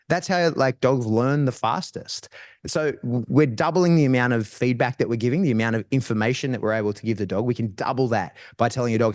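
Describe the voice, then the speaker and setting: A man's voice: medium pitch, fast talker, a little mellow, dry recording, studio quality. A man who trains dogs, talking as a podcast guest in a casual, slangy way, often restarting his phrases. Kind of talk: casual explanatory chat.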